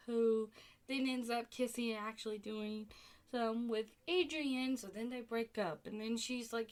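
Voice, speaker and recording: A woman talking casually at home, rambling and exasperated, with many fillers and restarts. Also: a little high. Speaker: podcast host reviewing a TV show. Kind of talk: casual chat.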